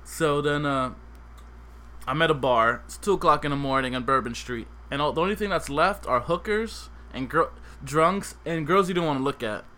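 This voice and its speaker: A young adult man hosting a podcast, telling a comic story in a lively, casual way and acting out the other characters. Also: fairly high pitch, normal speed. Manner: animated, acts out voices. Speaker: podcast host.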